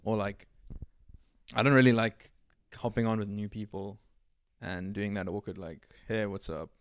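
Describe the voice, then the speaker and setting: A man co-hosting a casual gaming podcast, laid-back and hesitant, often trailing off quietly. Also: lowish voice, fairly even intonation, normal speed, clean tone, no room sound, studio quality. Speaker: podcast co-host.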